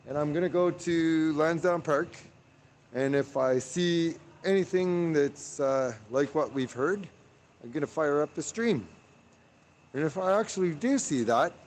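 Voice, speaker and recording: A man's voice: fairly high pitch, a little hiss or hum. A man chatting on a live stream from the street outdoors, reading viewer comments aloud and rambling with many fillers. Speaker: livestreamer.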